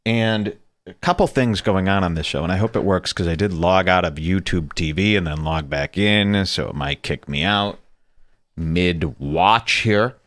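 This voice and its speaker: A man hosting a podcast, giving animated, sarcastic commentary on a video clip. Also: deep voice, measured pace, no echo. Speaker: podcast host.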